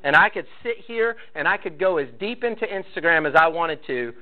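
In a relaxed church parenting session, the man in charge tells stories and performs quoted lines, speaking fairly quickly in a fairly high voice with lively intonation. The recording has a tinny, phone-like sound.

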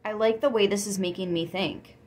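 A woman giving a casual tarot reading, chatty and excitable, with frequent gasps and laughs. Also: medium pitch, brisk. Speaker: tarot reader.

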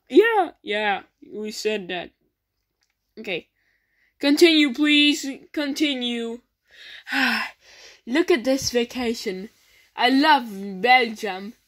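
A woman's voice: fairly high pitch, fairly bright tone. A woman improvising a goofy comedy skit for her toy characters, rambling along with many false starts. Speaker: creator voicing toy characters.

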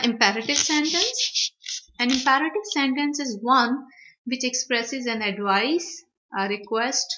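A woman's voice: fairly high pitch, pushed and bright. A woman teaching a grammar lecture, explaining step by step and repeating her points. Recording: dull lo-fi recording.

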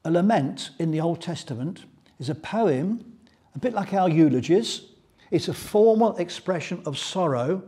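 A man's voice: sits high, lively intonation, moderate pace, dark tone, slightly rough. A man teaching a church Bible study, retelling the passage as a story and reading scripture aloud.

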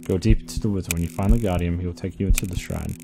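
A man voicing an eerie young boy, reading game dialogue aloud in a soft, earnest, raised voice. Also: low-pitched, fairly even intonation, quick pace, gravelly, music in the background.

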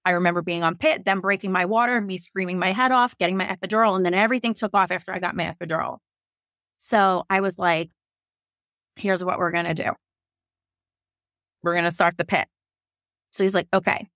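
Woman, 30s, from Virginia, podcast guest; frank, animated storyteller who quotes herself; dry close recording. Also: on the low side, fairly quick, long pauses, dry recording. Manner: animated, quotes herself and others, laughs often; frank, swears casually. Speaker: podcast guest telling her birth story. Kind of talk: casual storytelling.

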